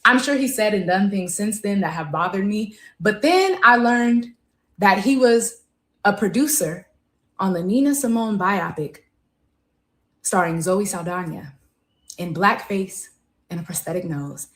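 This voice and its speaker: A woman's voice: mid-range voice, fairly bright tone, roomy sound. A woman, giving emphatic, conversational commentary to camera. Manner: emphatic, conversational, drawn-out stresses.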